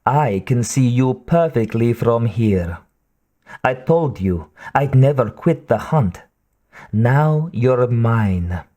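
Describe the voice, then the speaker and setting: A man voicing a cold, seductive female sniper who taunts in a slow purr. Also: mid-range voice, lively intonation, mellow. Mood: taunting.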